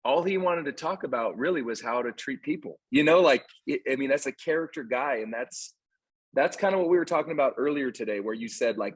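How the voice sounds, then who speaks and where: A man's voice: medium pitch, expressive, a little fast, husky, rough recording. A man co-hosting a casual podcast, an earnest youth baseball coach telling stories with emphatic repeats.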